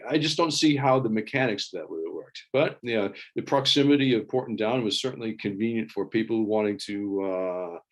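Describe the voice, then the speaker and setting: A man giving an online talk with slides, in a wry and halting way, with many fillers and restarts. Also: fairly low pitch. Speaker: invited speaker.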